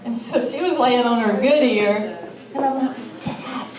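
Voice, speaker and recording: A woman's voice: fairly high pitch, moderate pace, a crowd in the background. A woman telling a personal encounter story at a symposium, acting out the lines she quotes. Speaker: symposium speaker. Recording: echoey hall, mic far off.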